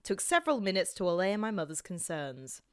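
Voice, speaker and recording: A woman's voice: fairly low pitch, sing-song, a little fast. A woman reading a story aloud in a put-on Scottish accent, stumbling now and then over the words. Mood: amused.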